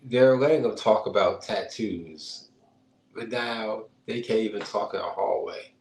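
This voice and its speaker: A man co-hosting a TV review podcast who adds short, relaxed comments in a casual chat. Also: lowish voice, a little slow, vocal fry. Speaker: podcast co-host reviewing a TV episode. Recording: roomy echo, faint background noise.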